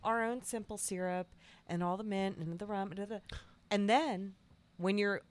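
A woman's voice: medium pitch, fairly even intonation, normal speed. A female guest bartender in casual podcast chat, blunt and wry.

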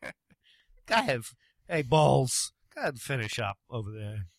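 A man co-hosting a casual podcast, teasing with crude wordplay and quick questions. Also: mid-range voice, big pitch swings, no room sound, clean studio sound. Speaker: podcast co-host.

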